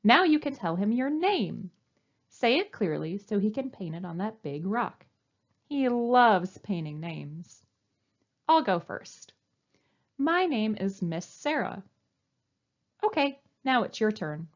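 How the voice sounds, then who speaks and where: A woman librarian reading a picture book aloud to young children, with an animated, coaxing sing-song delivery. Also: mid-range voice, slow pace, long pauses, highs cut off. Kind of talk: storytime read-aloud.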